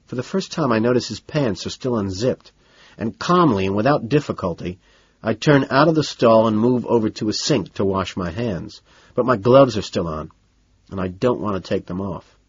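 A man with a low, husky voice narrates a novel in the first person, cool and measured. The recording is dull and dry, with a lo-fi edge and no room sound. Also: lively intonation, no echo. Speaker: audiobook narrator.

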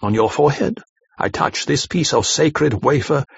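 A man's voice: fairly high pitch, moderate pace, vocal fry, slightly rough, full character voice. A man voicing an elderly, learned professor who talks in a solemn, emphatic, old-fashioned way, on a slightly muffled dry recording. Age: older.

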